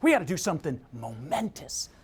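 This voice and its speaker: A middle-aged man giving an energetic motivational talk, telling a story and acting out the voices of the people in it, swinging from hushed to shouting. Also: a little high, a little fast, slightly rough. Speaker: motivational speaker.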